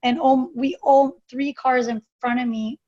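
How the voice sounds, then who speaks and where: Halting, slow-spoken woman guest. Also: sits high, fairly even intonation, mellow. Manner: halting, hesitant, with many fillers and restarts. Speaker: interview guest. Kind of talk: personal storytelling in an interview. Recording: dull lo-fi recording.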